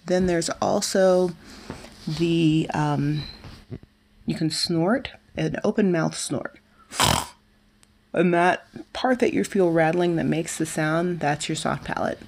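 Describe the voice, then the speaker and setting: A young woman teaching voice in a chatty, informal way, pausing with fillers and correcting herself. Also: deep voice, darkish tone. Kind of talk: casual spoken singing lesson.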